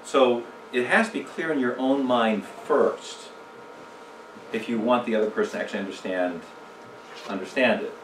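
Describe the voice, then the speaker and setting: At medium pitch and a moderate pace, a man with a slightly bright tone talks conversationally in a church communication seminar, questioning the audience and joking. Slight background noise accompanies the distant-mic recording of the echoey church room.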